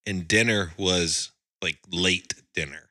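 Dude with a real low bright voice, chill group chat, dry close mic. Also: male voice, slow, dry recording. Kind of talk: casual chat.

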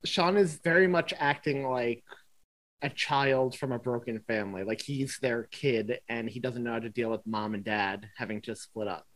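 A man's voice: mid-range voice, steady tone, normal speed, fairly bright tone, low-quality recording. A man co-hosting a podcast, chatting casually and keenly pointing out his favorite moments. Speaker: podcast co-host. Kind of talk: casual chat recapping a TV episode.

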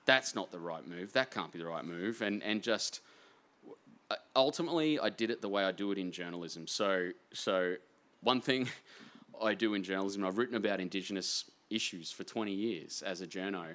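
An Australian author, a guest in a casual interview, talks in an excitable, rambling and self-deprecating manner. His voice sits low and his pace is moderate.

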